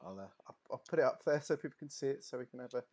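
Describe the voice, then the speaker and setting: A man's voice: medium pitch, expressive, very fast, darkish tone. A man running and narrating an improvised comedy role-play game, chatty and laughing easily.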